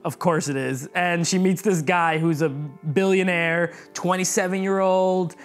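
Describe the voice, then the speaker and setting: A man's voice: high voice, fairly even intonation, unhurried, soft background music. A young man giving a sarcastic, exasperated comedic movie review as the host of his own channel.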